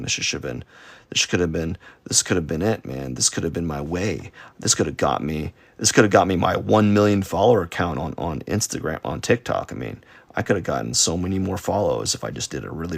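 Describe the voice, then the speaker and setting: Brief: male artist, low gravelly voice, loose self-deprecating live-stream chatter, dry close mic. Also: fairly bright tone, dry recording. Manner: rambling, self-deprecating, with silly sound effects. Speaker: artist streaming a drawing session. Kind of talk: casual live-stream commentary while drawing.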